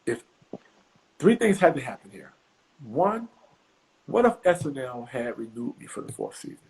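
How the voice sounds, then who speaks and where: Animated, profane male storyteller. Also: mid-range voice, normal speed, poor audio. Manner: animated, profane, acts out voices. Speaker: guest comedian. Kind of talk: casual podcast storytelling.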